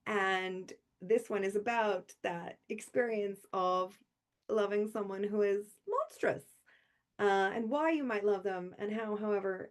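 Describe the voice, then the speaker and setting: A woman's voice: mid-range voice, measured pace. A woman author chatting informally before a reading at a convention, rambling and laughing often between thoughts. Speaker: author speaking at a convention livestream.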